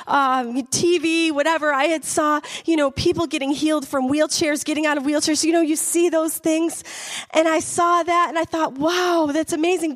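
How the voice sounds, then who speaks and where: A middle-aged woman telling an earnest, emotional personal testimony, often laughing as she talks. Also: high-pitched. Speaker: church member giving testimony.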